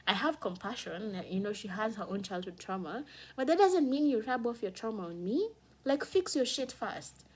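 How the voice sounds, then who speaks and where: A woman's voice: mid-range voice, animated, a little fast, husky. Emotional woman holding back tears. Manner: candid, emotional, swings from hushed to heated. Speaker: vlogger. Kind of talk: personal storytime vlog.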